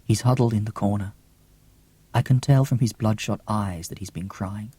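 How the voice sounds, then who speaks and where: Theatrical husky-voiced male storyteller. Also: lowish voice, normal speed, warm tone, no room sound. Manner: theatrical, lots of gasps and whispers. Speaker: audiobook reader. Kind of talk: expressive audiobook narration.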